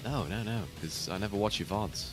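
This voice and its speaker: A British man with a fairly low voice chats with a friend while they play a coop game. He talks in a dry, laid-back way, and faint music plays underneath. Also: a little fast, fairly bright tone. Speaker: co-op game guest. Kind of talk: casual chat while gaming.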